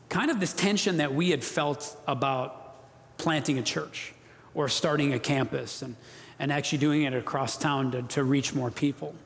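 A man preaching an earnest, emphatic sermon as a pastor, calling on the congregation to repeat after him. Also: medium pitch. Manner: earnest, emphatic, leads congregation call-and-response. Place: church sanctuary. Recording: long reverb of a church hall.

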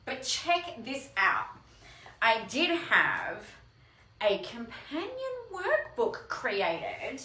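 Gushing woman with a lively voice. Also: fairly high pitch, extremely slow. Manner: gushing, exclamatory, chatty. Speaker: host and author. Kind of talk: excited unboxing chat. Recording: echoey room.

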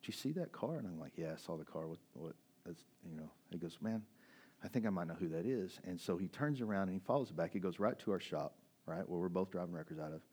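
A man in his forties preaches from the pulpit, his voice sitting on the low side. He tells a personal story loosely and casually, full of "you know" and "right?", and often starts a sentence over. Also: fast, dark tone, slightly rough. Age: 40s. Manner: storytelling, conversational, many fillers and restarts. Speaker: pastor. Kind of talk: sermon with personal testimony.

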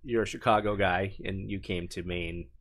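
Low-voiced male podcast host. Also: steady tone, moderate pace, a bit bright. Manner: conversational, prompts and teases the guest. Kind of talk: casual interview chat.

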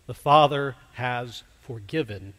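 A man preaching a sermon, slow and emphatic, dropping to a hush at key words. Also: mid-range voice. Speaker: pastor. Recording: long hall reverb.

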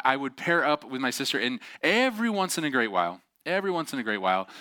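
Bright-voiced man preaching casually. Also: mid-range voice, dry recording. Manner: animated, acts out quoted voices. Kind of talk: casual sermon with storytelling.

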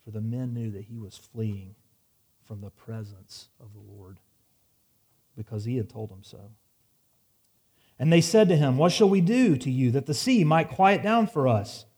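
A man's voice: medium pitch, lively intonation, measured pace, long pauses, a little mellow, husky. A man preaching a sermon, reading scripture dramatically and dropping wry asides. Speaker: pastor.

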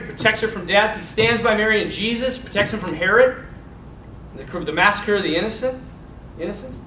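A man's voice: sits high, sharp tone. A man, a Catholic priest, giving an informal talk to a men's group, telling stories animatedly and laughing often. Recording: echoey room, mic far off, faint noise.

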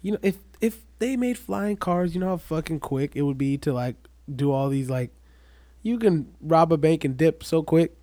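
A young man co-hosting a casual podcast, blunt and excitable, often laughing as he talks. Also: fairly high pitch, moderate pace, dry recording. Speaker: podcast co-host. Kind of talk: casual chat.

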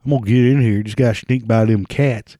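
A man's voice: mid-range voice, fairly even intonation, fairly quick, mellow, no room sound, studio quality, lightly acted. A man voicing a boastful redneck who brags in a brash, cocky hick drawl.

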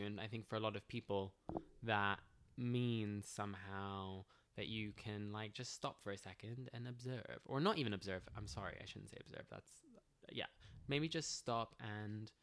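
A man's voice: fairly low pitch, moderate pace, fairly bright tone, smooth. A man improvising comedic banter, speaking in a hesitant, hedging and mildly formal way. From outside the United States.

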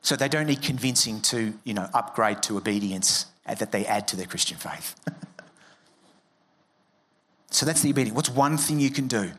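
A man's voice: medium pitch, expressive, normal speed, long pauses, fairly bright tone, slightly rough. A man preaching a sermon as a pastor, conversational and joking, acting out quoted voices. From Australia.

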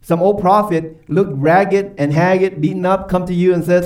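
A man preaching a sermon with emphatic, questioning delivery, his voice sitting a little high. He is picked up from a distance, so he sounds set back from the mic in the church. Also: moderate pace, hardly any pauses, darkish tone. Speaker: pastor. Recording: voice from far off the mic.

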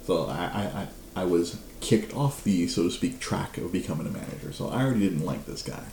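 A man's voice: low voice, a little fast, creaky, echoey room, slight background noise. A man streaming, casually telling a rambling story to his live chat with many restarts. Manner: rambling, frequent restarts, laughs, lively.

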